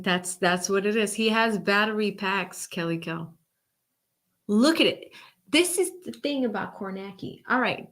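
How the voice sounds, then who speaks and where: A woman from Boston with a Boston accent, hosting a live election-night stream and chatting casually with her viewers. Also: medium pitch. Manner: animated, chatty, addresses chat directly. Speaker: livestream host.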